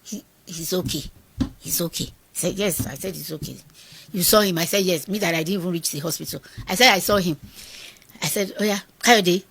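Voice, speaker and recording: A middle-aged Nigerian woman telling a personal story in an interview, animated and acting out the dialogue of the people in it. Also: on the low side, brisk, creaky, slight background noise. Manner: animated, acts out quoted dialogue. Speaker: guest.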